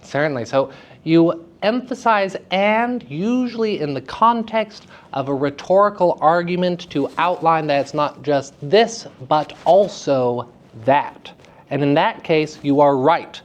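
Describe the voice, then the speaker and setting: A woman lecturing students on acting. She is lively and theatrical, laughs often and asks them questions. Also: low-pitched, measured pace. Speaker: acting teacher giving a lecture. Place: school theater festival session.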